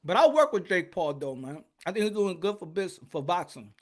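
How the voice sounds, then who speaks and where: A man's voice: sits high, very animated, brisk. A man hosting a boxing podcast in casual chat, rambling, joking and swearing freely.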